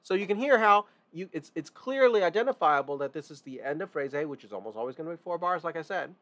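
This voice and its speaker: A man talks fast and expressively in a slightly high, somewhat bright voice. The setting is an informal online music theory lesson, where he keeps repeating and stressing essentials. He frequently abandons sentences to begin again.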